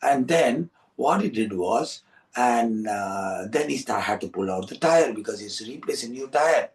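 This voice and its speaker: Animated storyteller, distant mic. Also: male voice, fairly low pitch. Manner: animated, repetitive, coaxing. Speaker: storyteller and host. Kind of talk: storytelling to young listeners.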